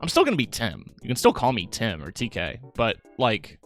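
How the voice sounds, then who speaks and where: A man's voice: mid-range voice, brisk, soft background music. A young man streaming live, chatting casually with his audience in a rambling, tired way full of fillers. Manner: rambling, relaxed, talks to chat with fillers. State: tired, yawning.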